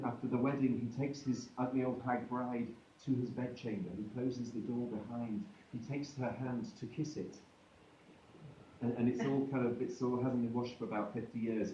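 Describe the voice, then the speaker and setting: Brief: male live storyteller, playful and chatty, mid-pitched, heard from afar in a roomy hall with dull sound. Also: warm tone, slight background noise. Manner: playful, chatty, breaks off to joke with the audience. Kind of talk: live comic storytelling to an audience. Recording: echoey room from far, dull sound with faint music.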